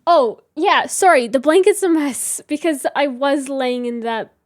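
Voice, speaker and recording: High-voiced giggly woman in her thirties. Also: measured pace, no echo, clean studio sound. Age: 30s. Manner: chatty, giggly, reads chat aloud. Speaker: livestream host. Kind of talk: casual chat with viewers. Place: home room with reading chair.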